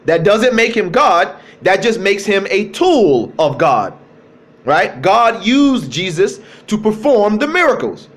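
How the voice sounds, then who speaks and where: Male speaker, high-ish voice, streaming a religious talk from his phone, drives points home by repeating them. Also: big pitch swings, a bit bright. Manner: emphatic, repeats key phrases, slows to stress words. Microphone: cell phone.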